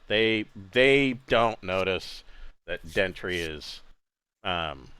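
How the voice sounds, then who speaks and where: A man narrating a tabletop game as its game master, with a lively, swooping pitch. He often stops and corrects himself mid-sentence, keeping an easygoing tone. The recording is dry and close. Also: smooth, no room sound. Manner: halting, self-correcting, casual.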